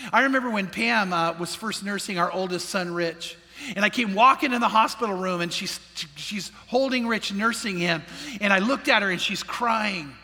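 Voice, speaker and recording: Bright high-voiced male pastor preaching. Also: in a large hall. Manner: earnest preaching with questions to the congregation. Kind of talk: sermon. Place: church sanctuary.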